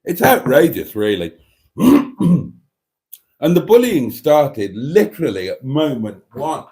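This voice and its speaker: A man's voice: mid-range voice, very animated, slow, a little mellow. A man hosting a casual livestream, reading viewer comments aloud and rambling with dry, self-mocking humour. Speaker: livestream host.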